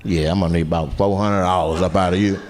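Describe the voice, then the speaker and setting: A man doing crowd work as a stand-up comedian, teasing people with brash, loud bursts and laughing asides. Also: deep voice, steady tone, fast talker. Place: comedy club stage with laughing audience. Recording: noisy live club recording.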